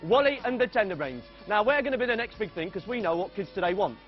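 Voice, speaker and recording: Man doing a high-voiced, brash would-be pop star, boastful and deadpan, on dull old TV sound with faint music. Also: fast. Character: hopeless boastful young male wannabe pop star. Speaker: comedy performer. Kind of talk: comic character monologue.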